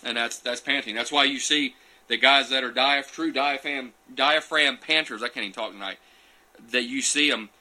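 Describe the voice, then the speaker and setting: A man's voice: medium pitch, normal speed, pushed and bright. A man hosting a casual live Q and A, chatting folksily and greeting viewers by name from his couch. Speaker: livestream host answering viewer questions. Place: small room, on a futon couch.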